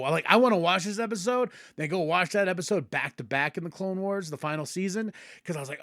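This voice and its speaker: Podcast host, male, excitable storyteller, fairly high voice, dry close sound. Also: no echo. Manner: excitable, acts out characters' lines mid-story. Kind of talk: casual episode recap.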